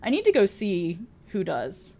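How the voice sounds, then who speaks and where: A woman's voice: medium pitch, huge pitch swings, unhurried, dark tone. A woman streamer chatting casually with viewers, bubbly, laughing often and swearing freely. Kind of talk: casual chat reading viewer messages.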